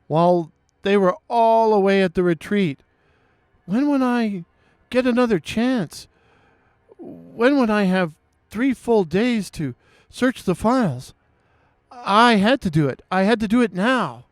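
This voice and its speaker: A man narrating a first-person horror story in a dramatic, halting way, with nervous restarts. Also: high voice, animated, no room sound, clean studio sound.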